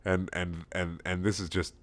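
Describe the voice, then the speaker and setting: A man's voice: deep voice, flat delivery, normal speed. A man giving a sarcastic, mocking comic reading of a fan story, swearing and cracking up as he goes. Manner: sarcastic, swearing, often laughing. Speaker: reader.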